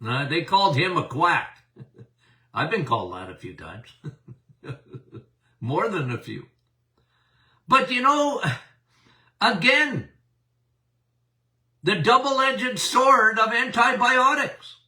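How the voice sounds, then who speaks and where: Folksy older man with a bright, lively voice. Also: high voice, slow pace, long pauses, far from the mic. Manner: folksy, addresses listeners directly. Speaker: doctor and podcast host. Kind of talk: casual health talk.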